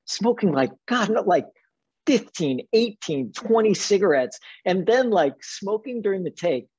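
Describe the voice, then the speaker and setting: Male actor guest, wry and self-mocking, husky and higher-pitched, on dull video call audio. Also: expressive, a little slow, darkish tone, no echo. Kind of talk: casual anecdote.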